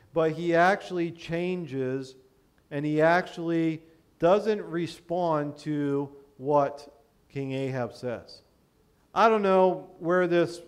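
A man's voice: a little high, smooth. A man from Pennsylvania preaching a sermon in a conversational way, explaining with rhetorical questions.

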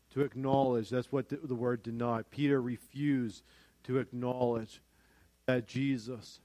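A man with a western Pennsylvania accent preaching a sermon, acting out quoted voices and swinging from loud emphasis down to a low hush. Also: no echo. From northwest Pennsylvania. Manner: animated, acts out quoted voices, rises to loud emphasis then drops low.

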